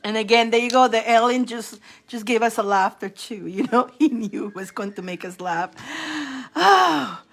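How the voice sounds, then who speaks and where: A woman's voice: fairly high pitch, moderate pace, soft background music. Giggly woman streaming a tarot reading. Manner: giggly, breaks into fits of laughter; chatty, rambling with restarts. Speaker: tarot reader on a livestream. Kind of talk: casual livestream chat.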